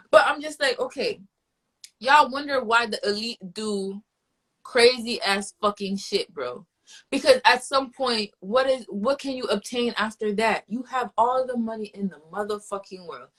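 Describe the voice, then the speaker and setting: A woman's voice: a little high, a bit bright. A woman host in casual chat, ranting in a profane, fired-up way.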